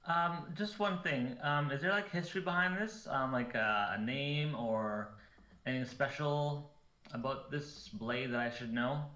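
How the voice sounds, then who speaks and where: A man's voice: mid-range voice, measured pace, sharp tone. A man playing a tabletop game, chatting and asking questions with lots of ums and likes. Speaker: player. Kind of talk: casual tabletop play. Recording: echoey room.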